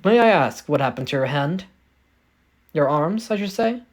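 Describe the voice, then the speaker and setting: A man voicing a short, bald, scheming older man who speaks smoothly and coaxingly, reading a fan story aloud. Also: on the high side, lively intonation, moderate pace.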